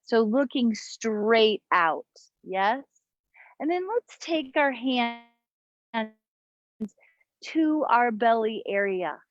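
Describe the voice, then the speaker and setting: A woman teaching a yoga breathing class outdoors, giving slow, soothing cues with long pauses, recorded on a camera mic. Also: on the high side, lively intonation, no room sound, highs cut off. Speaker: yoga instructor. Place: outdoors in the mountains. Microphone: camera mic, looking up at camera.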